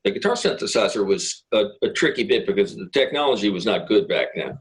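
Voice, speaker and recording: A man's voice: fairly low pitch, expressive, a little fast, poor audio. A middle-aged man, a guest guitarist, telling rambling anecdotes in a casual interview, with many fillers and restarts.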